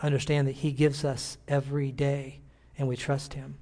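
A pastor closing a church service with a Bible verse and a gentle, earnest prayer to the congregation. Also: male voice, mid-range voice, flat delivery, moderate pace.

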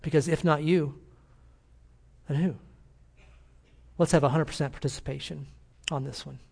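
A man's voice: a little high, fairly even intonation, moderate pace, creaky, a little mellow. A man, a senior pastor, preaching a sermon to a congregation in a church, telling stories earnestly and urging his listeners. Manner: earnest storytelling, emphatic exhortation.

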